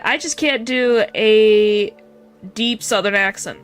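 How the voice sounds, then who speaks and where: A woman's voice: on the high side, slow pace, soft background music. A woman streamer giving casual gameplay commentary, chatty and joking as she reads game dialogue aloud.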